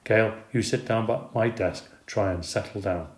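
A man voicing a firm but calm female schoolteacher settling a quarrel in a storybook reading. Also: on the low side, moderate pace, echoey room, lightly acted. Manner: firm, soothing.

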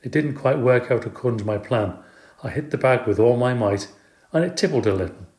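A man's voice: mid-range voice, fairly quick. Man reading a kids book, playful, lots of expression, echoey room. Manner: expressive, playful, does character voices. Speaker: audiobook reader. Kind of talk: storybook narration.

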